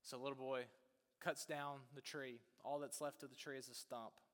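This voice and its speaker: A man preaching a sermon, telling a story in an animated way and acting out the voices. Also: medium pitch, moderate pace. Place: church sanctuary. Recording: long church reverb.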